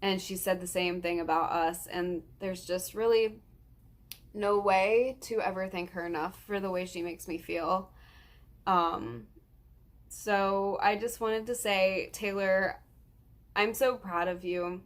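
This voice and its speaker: A woman's voice: medium pitch, fairly even intonation, takes it slowly. A nineteen-year-old woman vlogging, earnest and rambling with lots of ums, close to tears as she talks. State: tearful, close to crying. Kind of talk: emotional personal vlog.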